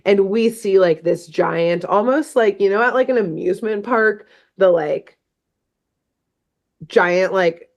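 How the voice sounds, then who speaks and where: A woman chatting on a podcast and retelling a cartoon plot. Her talk rambles and is packed with fillers and "like". Her pitch sits in the middle range. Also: slow pace. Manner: laughs at her own jokes. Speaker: podcast co-host recapping a cartoon episode. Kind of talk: casual chat.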